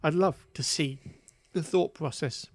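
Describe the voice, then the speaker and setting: A podcast co-host recaps a film in casual chat, sounding wry and exasperated and using lots of fillers. His voice is on the high side and unhurried, with no room sound.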